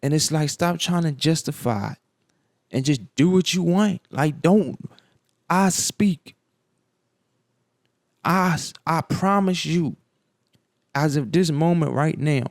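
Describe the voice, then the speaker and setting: Gravelly, slow-talking man ranting. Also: on the high side, dry recording, studio quality. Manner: blunt, scolding, profane. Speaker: commentary host. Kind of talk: ranting reaction commentary.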